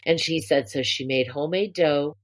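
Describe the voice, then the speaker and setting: A woman's voice: deep voice, moderate pace. A woman co-hosting a podcast, chatting casually and telling a story with gushing enthusiasm. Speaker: podcast co-host. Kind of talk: casual chat.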